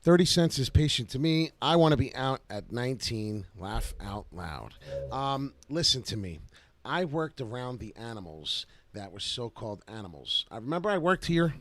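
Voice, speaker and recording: A man hosting a casual live stream about crypto charts, talking in an excitable, rambling way. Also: medium pitch, normal speed, a little hiss or hum.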